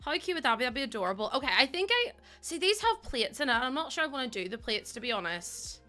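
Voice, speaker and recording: Fast-talking woman, bright voice. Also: sits high, sing-song, faint music behind. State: under the weather, a bit run down. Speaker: streamer. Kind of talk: casual live-stream chat while playing a game.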